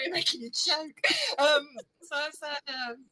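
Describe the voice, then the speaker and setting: A woman's voice: high voice, normal speed, sharp tone, slight background noise, low-quality recording. A middle-aged woman, a guest on an interview, chatting casually and telling stories. She laughs often and acts out what people said. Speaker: interview guest, fanfiction author.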